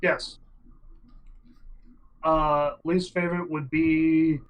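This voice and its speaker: A man tabletop player giving halting, casual feedback after a game session. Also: fairly high pitch, level tone, rough recording.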